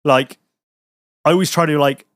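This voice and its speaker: A man's voice: a little high, steady tone, moderate pace, no room sound, studio quality. A man telling a crude anecdote on a podcast, swearing a lot and laughing at his own story in casual chat. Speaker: podcast host.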